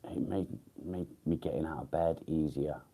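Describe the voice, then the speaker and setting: Just woken up and still groggy, an English man hosts a casual morning live stream, rambling with fillers and the occasional swear word. He speaks at a normal speed in a rumbling low, mellow voice.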